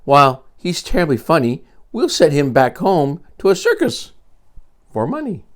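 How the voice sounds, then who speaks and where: A grandfather reading aloud, putting on high, loud, exclaiming voices for a group of amazed male hunters. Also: wildly swooping pitch, moderate pace. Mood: scheming.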